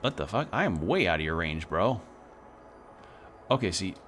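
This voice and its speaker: A man's voice: low voice, sing-song, normal speed, a bit bright, a little hiss or hum. A man streaming a video game, chatting casually and swearing freely as he plays. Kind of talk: casual gameplay commentary.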